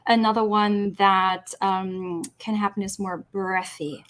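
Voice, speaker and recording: A woman speech-language pathologist answering interview questions in a clear, teacherly explaining manner. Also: medium pitch, fairly even intonation, slow pace, few pauses, fairly bright tone.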